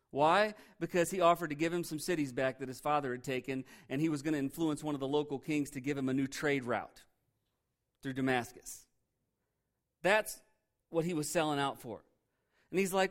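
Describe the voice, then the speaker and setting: A pastor teaching through a Bible passage in a conversational sermon, joking and animated with sarcastic asides. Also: male voice, on the high side.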